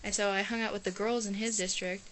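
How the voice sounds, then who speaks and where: Teen girl, rambling casual vlog chat, lots of "like", mid-pitched voice. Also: steady tone, fast, fairly bright tone, a little hiss or hum, low-quality recording. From Ohio, USA. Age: teens. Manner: rambling, chatty, full of "like" and restarts. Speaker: exchange student vlogger.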